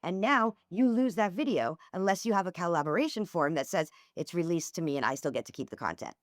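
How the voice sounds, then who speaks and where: A woman's voice: quick pace, no echo, studio quality. A middle-aged woman, a podcast guest and author, talking candidly and acting out the people in her stories with big swings of her voice. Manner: animated storyteller, acts out dialogue with big pitch swings. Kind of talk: candid interview conversation.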